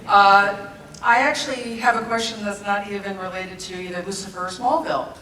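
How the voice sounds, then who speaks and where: A woman's voice: medium pitch, fairly even intonation, a little fast, pushed and bright, slight background noise. A woman fan asking a question at a convention panel, polite and a little hesitant. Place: convention hall. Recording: echoey hall, from far off.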